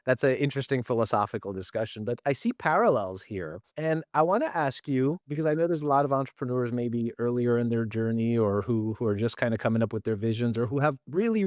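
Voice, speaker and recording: A man's voice: mid-range voice, no room sound, clean studio sound. Reflective male podcast host. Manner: thoughtful, reflective, with restarts. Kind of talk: interview questions.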